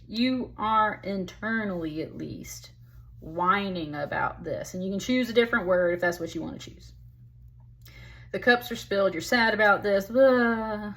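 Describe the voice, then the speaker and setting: A woman gives a casual, chatty tarot reading, speaking straight to the listener with emphasis and calling them honey and baby. Her mid-range voice is a little bright, at a moderate pace.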